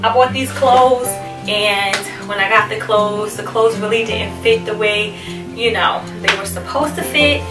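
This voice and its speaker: A woman's voice: medium pitch, measured pace, reverberant, far from the mic, over music. A woman chatting casually to camera about clothes she bought, candid and full of fillers, a little out of breath. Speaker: fashion haul vlogger. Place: busy room at home.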